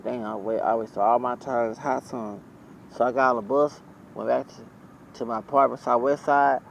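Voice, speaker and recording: A man's voice: mid-range voice, gravelly, muffled recording, a little hiss or hum. A man telling a rambling, profane story in a blunt, casual way, recorded outdoors. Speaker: vlogger.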